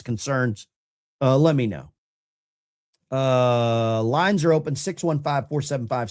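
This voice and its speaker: A man hosting a live call-in stream, taking callers and talking loosely. His pitch swings widely as he talks, and he is lively and rambling. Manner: animated and chatty, often rambling. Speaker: call-in show host.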